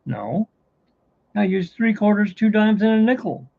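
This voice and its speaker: A man's voice: high voice, expressive, measured pace, creaky, muffled recording, voice pushed up, full character voice. A man voicing a sheepish, dim-witted male field worker in a joke, pleading as he talks. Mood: matter-of-fact.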